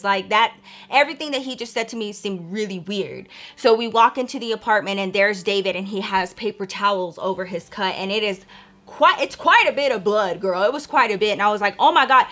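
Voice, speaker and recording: Bright-voiced young woman telling a story. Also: medium pitch, brisk. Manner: animated, acts out quoted voices, addresses viewers as y'all. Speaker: storytime vlogger. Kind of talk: casual storytelling.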